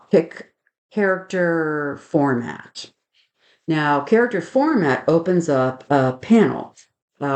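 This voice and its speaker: A woman teaching a software webinar, methodically explaining each click aloud and adding firm opinions on good practice. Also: low-pitched. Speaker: software trainer. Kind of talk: screen-share webinar demonstration.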